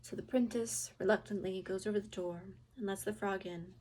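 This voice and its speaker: A student storyteller, a woman, reading a fairy tale aloud with expressive delivery and whispered sound effects. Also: mid-range voice, brisk.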